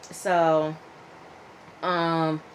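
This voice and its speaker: A woman casually recapping a TV episode in a chatty, animated way, often checking in with "okay?" and acting out the people she quotes. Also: low-pitched, very slow, slight background noise, low-quality recording. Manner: chatty, animated retelling with frequent "okay?" and fillers. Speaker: TV episode reviewer.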